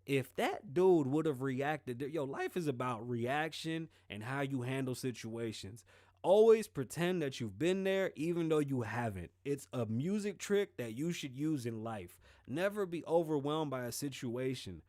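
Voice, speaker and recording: A man hosting a podcast, talking casually and swearing freely as he tells stories in an animated way. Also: mid-range voice, a little slow, dry recording, clean studio sound. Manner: profane, animated storytelling. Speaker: podcast host.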